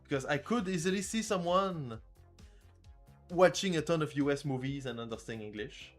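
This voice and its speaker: A man's voice: fairly high pitch, animated, normal speed, faint music behind. A man chatting casually on a livestream as an indie game developer, joking, crude and rambling.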